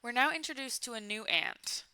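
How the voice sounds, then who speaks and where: A woman's voice: on the high side, expressive, normal speed, background noise. A woman in her twenties hosting a casual comedy commentary about a bad movie, full of sarcastic, playful asides. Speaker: YouTube commentary host.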